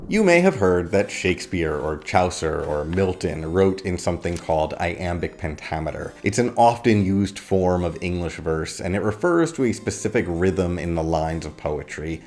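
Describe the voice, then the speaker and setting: A man giving a scripted video lecture on poetry, measured and explanatory, reading verse lines slowly. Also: sits low, a little mellow. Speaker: literature lecturer.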